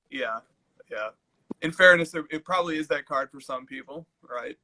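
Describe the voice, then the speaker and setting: A man's voice: fairly high pitch, sharp tone, slight background noise, low-quality recording. A man co-hosting a casual live-stream chat, thoughtful and easygoing. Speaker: co-host.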